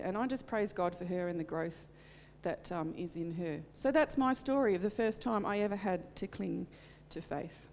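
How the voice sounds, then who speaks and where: A middle-aged woman gives an earnest, heartfelt testimony and sermon. Her voice carries a gravelly fry. It rings out with a long hall reverb over a faint hum. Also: lowish voice, darkish tone. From Australia. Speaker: church speaker.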